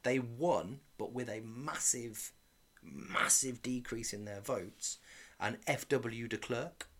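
A man's voice: mid-range voice, slow pace, fairly bright tone. A man co-hosting a casual chat, rambling and correcting himself as he goes. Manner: rambling, chatty, self-correcting. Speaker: podcast co-host.

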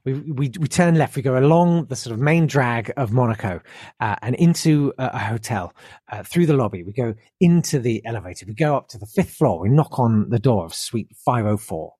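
A man on a podcast, telling an animated anecdote in casual chat and acting out the people he quotes. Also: medium pitch, brisk, husky, dry recording, clean studio sound. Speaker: podcast guest.

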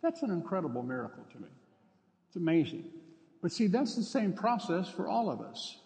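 A man preaching a sermon, telling stories and acting out dialogue with sudden loud outbursts. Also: high voice, sing-song, brisk, creaky, long reverb tail. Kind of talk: sermon with storytelling.

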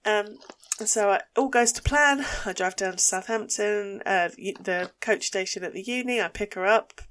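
A woman with an Essex accent, hosting a podcast and telling a story in an animated, casual way, swearing freely. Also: mid-range voice, normal speed, slight background noise. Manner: animated, swears and laughs while telling stories. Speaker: podcast host.

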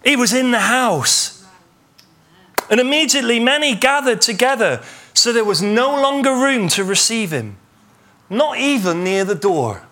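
A man preaching a sermon as pastor, retelling a story with lively acted-out dialogue. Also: very high-pitched, a little slow. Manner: animated storytelling, acts out imagined dialogue.

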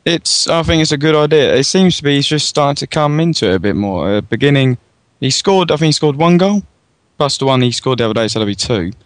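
A man of middle pitch chats on a podcast, joking at his own expense and getting flustered. The sound is close and dry. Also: fast talker, dry recording. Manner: self-deprecating, easily flustered. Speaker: podcast co-host. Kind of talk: casual fan podcast chat.

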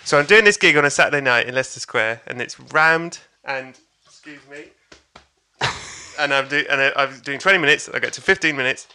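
A man's voice: mid-range voice, a little fast, sharp tone, smooth. A man, a comedian, telling a story in casual chat, laughing often and acting out voices. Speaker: stand-up comedian guest.

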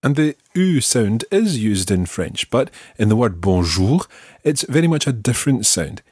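A man with a Scottish accent teaching a podcast language lesson and repeating words slowly for the learner. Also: medium pitch, big pitch swings, a little mellow, husky, no room sound, clean studio sound. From Scotland.

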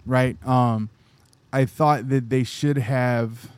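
A man's voice: mid-range voice, steady tone, slow pace, smooth, no echo. A man in casual podcast chat talks in a mid-range voice, easygoing and rambling. He restarts his sentences often as he works out what he thinks. The sound is dry and close. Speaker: podcast co-host.

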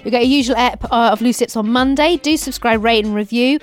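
A woman's voice: fairly high pitch, fairly quick, faint music behind. A woman co-hosting a podcast, bubbly and playful. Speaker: podcast co-host. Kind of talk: casual chat.

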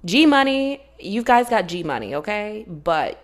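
A woman's voice: medium pitch, a little slow. A woman co-hosting a podcast in casual chat, acting out the voices of people she quotes. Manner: animated, acts out quoted voices. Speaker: podcast co-host.

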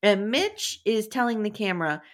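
A woman's voice: medium pitch, sing-song, normal speed. A woman hosting a casual podcast chat, sarcastic and blunt, swearing freely as she recaps a show.

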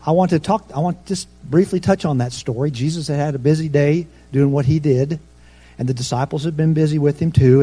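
A man preaching a sermon in a conversational, storytelling way, with asides to the congregation, rising in pitch and force to stress a point. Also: warm tone, slightly rough. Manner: rises in pitch and force for emphasis.

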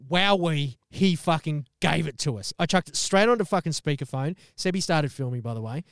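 Brisk and on the high side, this young man's voice comes through in studio quality with no room sound. As a podcast co-host he animatedly retells a story in casual conversation, swearing often and performing the quotes.

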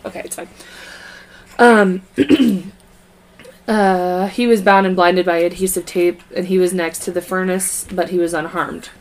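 A woman's voice: lowish voice, fairly even intonation, measured pace. A woman co-hosting a podcast, reading a true crime case aloud in a casual way, stumbling over words and adding asides. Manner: reads from notes with stumbles and asides.

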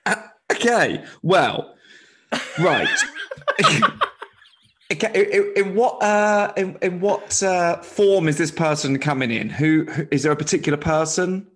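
A man's voice: a little high, unhurried. A man hosting a casual chat, introducing guests in a playful, self-deprecating way. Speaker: host.

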